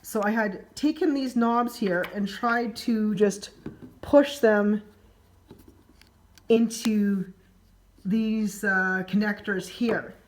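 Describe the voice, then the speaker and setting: A woman vlogger walks through a gadget setup at home, recorded on a handheld camera mic. She talks in a chatty, rambling way and often restarts her sentences to explain more clearly. Her voice sits in an ordinary middle pitch. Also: steady tone, slow pace, pauses often, a little hiss or hum. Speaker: tech vlogger. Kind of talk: casual how-to unboxing demo.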